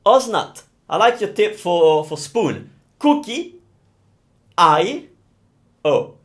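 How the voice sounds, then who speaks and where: A young Italian man with an Italian accent, teaching pronunciation live and stretching out sounds to demonstrate them. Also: high-pitched. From Italy. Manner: animated, drawn-out demonstrations of sounds. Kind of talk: live-streamed pronunciation lesson.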